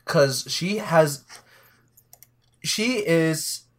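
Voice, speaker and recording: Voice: mid-range voice, very slow. A podcast co-host in casual, crude, joking chat about an old movie. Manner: jokey, crude, chatty.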